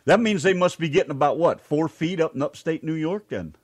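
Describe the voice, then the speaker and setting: A man's voice: on the high side, brisk, breathy edge. A man hosting a casual radio chat show, folksy and teasing in his banter.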